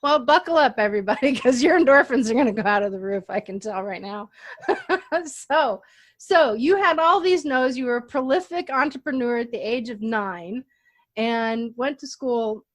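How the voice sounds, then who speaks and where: High-voiced laughing woman host. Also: moderate pace. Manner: laughs often, animated storyteller. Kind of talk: casual interview chat.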